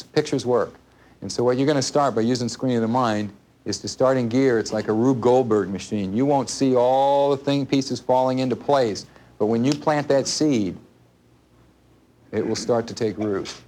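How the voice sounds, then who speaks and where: A workshop instructor, an adult man with a small child, leads a live seminar for a room full of people. His voice is fairly low and darkish, with slight background noise, and he talks casually, repeats his points and puts questions to the audience.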